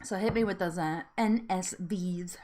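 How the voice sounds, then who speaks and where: A woman's voice: on the low side, measured pace, dark tone. A woman hosting a live weight loss support chat, chatting casually, laughing often and reading out viewer comments.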